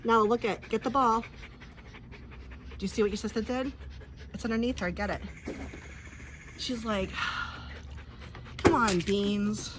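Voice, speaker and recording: Speaking slowly with long pauses in a slightly high voice, a woman live streams from her phone beside a pool. She rambles and teases her dogs as they bark, and the background is noisy.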